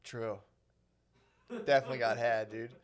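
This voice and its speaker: A man in laid-back comedy-podcast chat who laughs often and peppers his talk with dude. His voice sits at an ordinary mid pitch. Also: flat delivery, moderate pace. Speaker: podcast co-host. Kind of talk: casual comedic banter.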